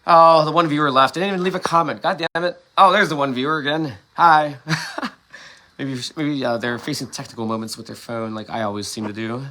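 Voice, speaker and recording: A man talks alone on a late-night livestream, wandering from thought to thought, cutting himself off and swearing as he goes. His voice sits at an average pitch with a bright, ringing tone. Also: a little fast. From Ohio. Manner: rambling, self-interrupting, profane and laughing. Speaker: livestream host.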